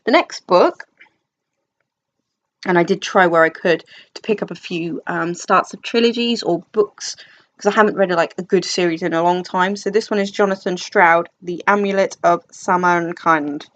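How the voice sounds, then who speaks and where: A woman's voice: lowish voice, fairly even intonation, moderate pace, muffled recording. A young woman from England chatting casually about books, rambling and self-deprecating with many fillers and restarts. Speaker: book vlogger. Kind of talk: casual chat. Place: dim room at home.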